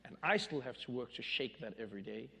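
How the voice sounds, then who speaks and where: A man in his thirties, an interview guest telling stories on stage, animated and laughing as he acts out quotes. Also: medium pitch, fast talker, vocal fry, husky, big-room sound. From South Africa. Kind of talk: storytelling in a public interview. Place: stage in an event hall.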